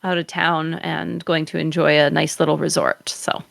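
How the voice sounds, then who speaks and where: A woman on a podcast chatting in a cheerful, unhurried way. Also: low-pitched, level tone, creaky, a bit bright, no echo, clean studio sound. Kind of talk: casual podcast chat.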